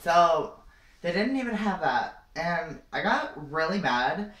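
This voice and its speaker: A woman's voice: fairly low pitch, very animated, takes it slowly, a bit bright. A young woman improvising a comic story time, rambling and dramatic, with lots of "like" and "you know". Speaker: vlogger. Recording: roomy, distant from the mic.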